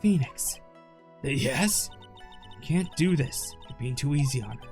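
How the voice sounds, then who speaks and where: A man's voice: mid-range voice, animated, slow, a little mellow. A young man hosting a let's play, joking and reading game dialogue aloud over faint game music. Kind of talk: casual gaming commentary.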